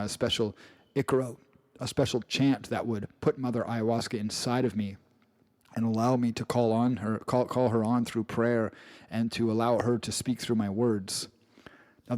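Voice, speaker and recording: A man's voice: medium pitch, a little mellow, dry recording. A man with an English accent narrating his own memoir audiobook, earnest and personal, with frequent restarts and repeated phrases.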